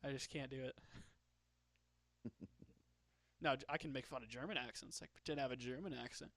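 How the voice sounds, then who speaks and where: A man's voice: mid-range voice, normal speed, a bit bright, no room sound. A man chatting casually while drawing, joking about himself and laughing often. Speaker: streamer.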